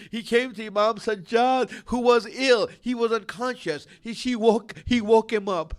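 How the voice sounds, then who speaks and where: A man preaching a sermon and telling a sad story in an emotional, lamenting way, with long pauses, in an Islamic center hall. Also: very high voice.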